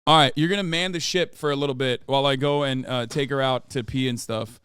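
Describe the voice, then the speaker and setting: A man in his thirties streaming, reacting to a video in casual, profane, animated commentary. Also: medium pitch, a little fast, clear, resonant tone, no room sound, studio quality. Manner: profane, animated, repeats "okay?" often.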